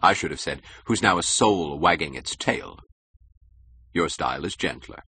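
A man voicing a suave, scheming male critic who talks in a smooth, condescending, measured way. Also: low voice, expressive, bright, forceful tone, a little hiss or hum, exaggerated voice. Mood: sly.

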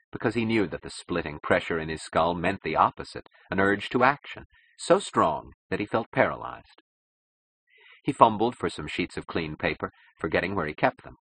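Very deep husky male audiobook narrator. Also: fairly bright tone, no echo, rough recording. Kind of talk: scripted narration.

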